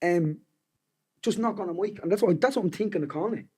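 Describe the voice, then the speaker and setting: A young man from Dublin, Ireland, with a Dublin accent and a high, quick, darkish, husky voice. He is a guest singer-songwriter rambling through stories in casual podcast chat and swearing freely.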